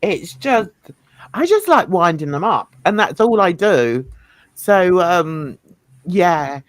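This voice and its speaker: Woman, livestream host, casual chat, playful, giggly, very slow, dry. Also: on the low side, sing-song, dry recording. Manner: playful and giggly, calls listeners guys.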